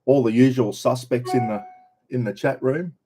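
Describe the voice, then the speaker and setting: A man's voice: medium pitch, moderate pace, warm tone, a little hiss or hum. An Australian man hosting a casual live stream, greeting viewers by name in a chatty, laid-back way. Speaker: livestream host. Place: in a caravan on the road.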